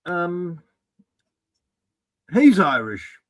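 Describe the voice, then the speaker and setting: A man with a notably high voice joins a casual live stream as co-host. He talks in a teasing, joking way, dropping wry asides as he goes. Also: big pitch swings, extremely slow.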